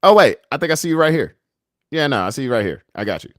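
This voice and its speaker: A man's voice: mid-range voice, big pitch swings, quick pace, no room sound, studio quality. A young man hosting a casual livestream, reading the chat and memes aloud, joking and laughing often in a laid-back way. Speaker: livestream host.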